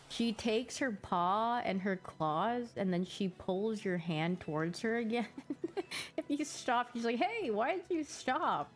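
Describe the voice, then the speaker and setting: A young woman chats casually on her stream, bubbly and quick to giggle. She slips into playful little voices for her pets as she talks. Soft music plays faintly underneath. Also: fairly high pitch.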